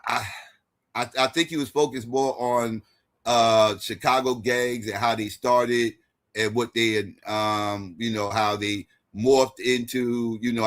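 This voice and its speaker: A man's voice: lowish voice, a bit bright. A man hosting and moderating a debate show, giving a casual, rambling recap full of swearing and restarts. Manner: profane, rambling, many restarts, keeps asking "right?". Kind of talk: casual post-debate commentary.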